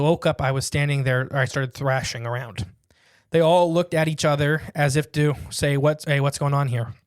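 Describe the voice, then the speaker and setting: A man's voice: fairly high pitch, dry recording, studio quality. Man reading a listener's story aloud. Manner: reads quickly with asides and jokes. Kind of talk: casual podcast chat, reading a submission aloud.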